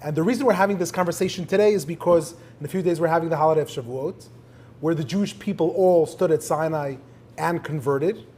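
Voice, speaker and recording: A man's voice: fairly high pitch, fast talker, darkish tone. A man, a rabbi, interviewing a guest in front of an audience in a synagogue, telling stories with energy and quoting prayers in Hebrew. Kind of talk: live conversation before an audience.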